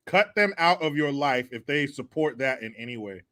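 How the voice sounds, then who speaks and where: A man's voice: mid-range voice, expressive, normal speed, few pauses, fairly bright tone. A man hosting a profane comedy commentary show, laughing often, cursing and mocking the clips he reacts to.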